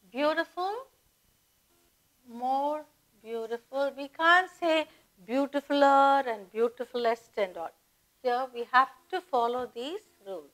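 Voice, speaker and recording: Slow, high-voiced Indian English teacher woman. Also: fairly bright tone, low-quality recording. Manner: deliberate, dictating word lists. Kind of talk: slow classroom grammar lesson.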